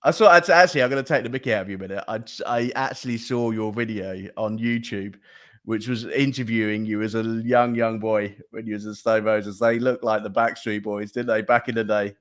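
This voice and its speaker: A man's voice: fairly low pitch, steady tone, fairly quick. A man hosting a live interview show, chatty and upbeat, laughing easily. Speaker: host.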